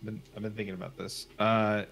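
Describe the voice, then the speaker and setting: A man's voice: lowish voice, little pitch movement, quick pace, gravelly, a bit bright. A man playing a tabletop game, repeating and restarting words as he describes what his character does. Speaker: player. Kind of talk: casual tabletop game chat.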